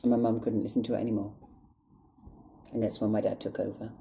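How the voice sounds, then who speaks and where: Sex: man. Style: storytime vlog. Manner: angry, swearing, on the verge of tears. Tone: very dark and mellow, faint background noise. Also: lowish voice, flat delivery, fast talker, vocal fry, pauses often, low-quality recording. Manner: angry, emotional, heavy swearing. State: close to tears. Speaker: vlogger.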